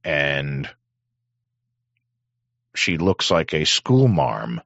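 Very deep gravelly hoarse man. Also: big pitch swings, drawn-out words, fairly bright tone, no echo, lo-fi sound. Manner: crude, rambling, sarcastic. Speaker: podcast host. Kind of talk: casual commentary.

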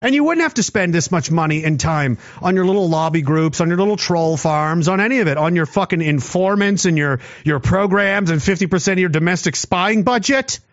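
A man's voice: expressive, brisk, few pauses, dry recording. Combative ranting man, dull dry sound. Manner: combative, sarcastic, swings from low mutter to raised voice. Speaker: commentary show host. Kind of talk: ranting monologue to camera.

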